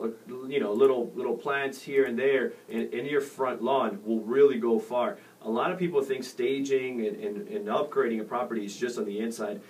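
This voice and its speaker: A man's voice: mid-range voice, darkish tone. A middle-aged man hosting a real estate radio show, giving advice in a rambling way with many fillers and restarts. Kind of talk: casual radio advice talk. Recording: distant mic with faint noise.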